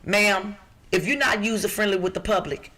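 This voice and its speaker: A middle-aged woman from the Midwest with a rough-edged voice, co-hosting a podcast and reading out job listings in a brassy, emphatic, joking way. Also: mid-range voice, normal speed, bright, forceful tone. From Chicago. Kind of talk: lively podcast chat.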